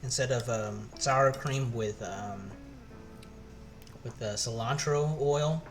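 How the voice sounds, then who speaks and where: A man casually chatting on his cooking live stream, thinking aloud with halting pauses as he tastes the food. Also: mid-range voice, faint music behind.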